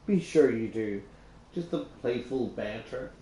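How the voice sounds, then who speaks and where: A man's voice: mid-range voice, animated, measured pace, warm tone, slight background noise. A young Australian man casually reading and retelling a book, rambling with lots of fillers and restarts. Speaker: YouTuber reading a book aloud. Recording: roomy echo.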